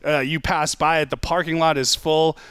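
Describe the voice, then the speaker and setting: A man's voice: on the high side, little pitch movement, normal speed, fairly bright tone, clear, resonant tone, no room sound. A man co-hosting a food podcast, joking and sarcastic in casual chat. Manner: wisecracking, sarcastic. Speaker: podcast co-host.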